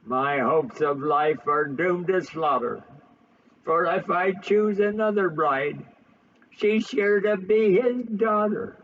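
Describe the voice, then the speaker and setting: A man's voice: on the high side, takes it slowly, few pauses, recorded from a distance, highs cut off. A man voicing a lovesick, heartbroken young nobleman son, pleading and anguished. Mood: despairing.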